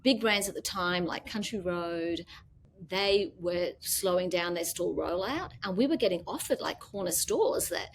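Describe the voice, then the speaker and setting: A woman's voice: fairly low pitch, unhurried, a little hiss or hum. A middle-aged Australian woman, a business founder, chatting as an interview guest and acting out quoted dialogue as she tells stories. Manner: animated storyteller, acts out quoted dialogue. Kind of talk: casual interview chat.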